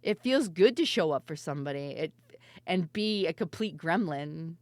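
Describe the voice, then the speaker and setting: A woman with a lowish voice, chatting on a live stream. She is loud and quick to laugh, and she swears freely. Her voice is recorded close and dry, with no room sound. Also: animated, no room sound. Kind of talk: casual live-stream chat.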